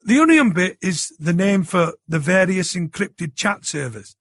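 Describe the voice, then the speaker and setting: A man's voice: high voice, big pitch swings, unhurried, fairly bright tone, dry recording, pitched above the performer's own voice, exaggerated voice. A man reading an audiobook plays a cheeky young man from the city who teases his friend about computers. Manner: cocky, bantering. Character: cheeky young London tech-savvy man.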